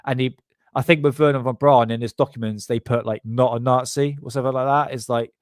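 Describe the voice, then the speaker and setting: A man from England with a Bristol accent, hosting a casual chat, slangy and quick to laugh. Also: medium pitch, fairly even intonation, no echo, studio quality. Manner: chatty, slangy, laughs often. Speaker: podcast host.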